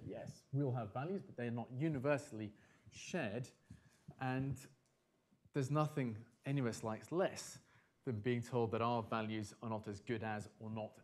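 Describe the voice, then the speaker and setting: A man giving a conference talk, animated and emphatic, repeating his key phrases for effect. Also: medium pitch. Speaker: conference speaker.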